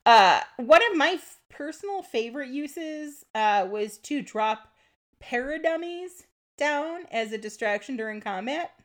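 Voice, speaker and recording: A woman's voice: high voice, expressive, a little slow. A woman co-hosting a podcast, explaining history in a casual chat and laughing often. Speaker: podcast co-host.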